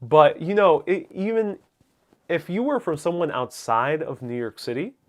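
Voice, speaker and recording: A man's voice: fairly high pitch, big pitch swings, moderate pace. A young man from the United States hosts a live-stream Q&A on a lapel mic, reading viewer comments aloud and answering them casually. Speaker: host. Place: out on city streets during a live stream. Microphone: wireless lapel mic.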